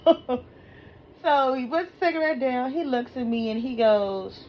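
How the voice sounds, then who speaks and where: A young woman tells a storytime to her viewers, animated and chatty, circling back over her own words. The audio is dull and muffled, recorded on a damaged phone. A faint hiss runs under it. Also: a little high, normal speed. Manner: animated, repeats herself, addresses viewers as y'all. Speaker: vlogger telling a story. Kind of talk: casual storytime monologue.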